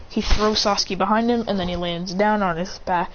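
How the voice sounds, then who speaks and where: A woman's voice: medium pitch, fairly even intonation, brisk. A woman narrating a made-up fan story on the spot, rambling with frequent restarts. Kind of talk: improvised fan-fiction narration. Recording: slightly muffled with faint hiss.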